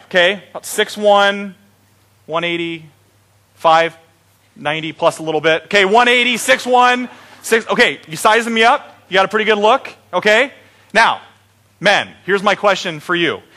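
Bright high-voiced joking pastor. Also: male voice. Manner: joking, playful with congregation. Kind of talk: Easter sermon.

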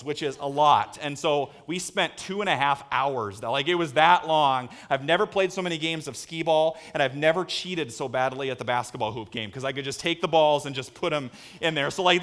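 Male pastor, sermon, animated storytelling, slightly high voice, church hall. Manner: animated storyteller, acts out voices with big pitch jumps.

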